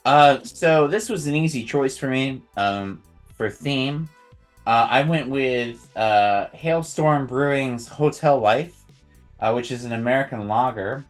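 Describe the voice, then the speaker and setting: A man co-hosting a podcast in casual chat, halting with many uhs and restarts. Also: medium pitch, faint music behind. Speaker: podcast co-host.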